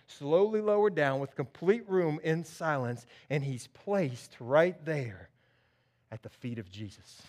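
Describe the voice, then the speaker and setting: A man preaching a sermon in a church, telling a story with lively acted-out voices. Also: a little high. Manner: animated storytelling, acts out characters. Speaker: pastor.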